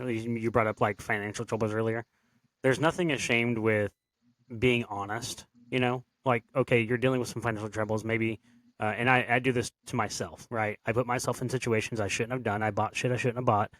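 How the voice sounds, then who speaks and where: A man's voice: medium pitch, fairly even intonation, moderate pace, fairly bright tone, dry recording. Blunt, foul-mouthed male podcast host. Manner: blunt, casual, swears freely. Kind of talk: casual podcast conversation.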